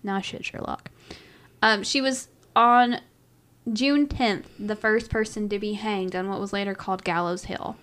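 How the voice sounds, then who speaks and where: A woman co-hosting a casual podcast, sarcastic and animated, swearing now and then. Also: mid-range voice, a little slow. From Southern United States. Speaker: podcast co-host. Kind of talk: casual chat.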